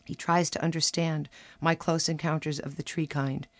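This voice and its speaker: A woman in her fifties reading her own humorous personal essay aloud on the radio, telling it with a wry, animated lilt. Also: low voice, moderate pace, no echo. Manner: wry, animated storytelling with lively voiced quotes.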